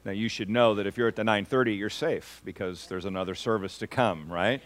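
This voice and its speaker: A man preaching a sermon as pastor, asking the congregation for responses and swinging from hushed, slow lines to loud, rising ones. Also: on the low side.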